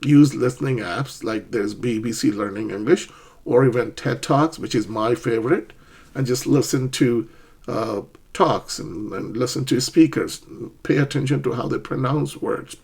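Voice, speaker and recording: A man's voice: medium pitch, normal speed, gravelly, a little mellow, breathy edge. A middle-aged man teaching an online English lesson, explaining steps and checking in with "okay?" and "right?".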